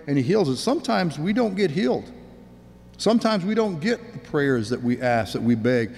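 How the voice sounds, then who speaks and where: A man's voice: fairly high pitch, sing-song, normal speed, a little mellow, big-room sound. A man preaching a sermon in an earnest way, often repeating and restarting his words.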